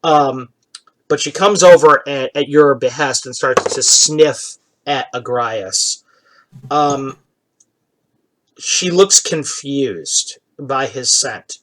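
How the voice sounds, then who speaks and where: A man narrating a tabletop game as dungeon master, in a relaxed, rambling way full of fillers. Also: mid-range voice, takes it slowly.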